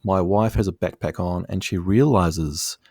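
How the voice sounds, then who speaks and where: A man's voice: low-pitched, unhurried, breathy edge, no room sound, studio quality. A man, a guest comedian telling stories in casual chat and laughing easily. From New Zealand. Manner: animated storyteller, laughs easily.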